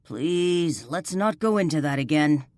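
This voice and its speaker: A stern male police sergeant, low and steady, calm and patronizing, as a woman puts him on. Dry, close audiobook sound. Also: a little slow, dry recording.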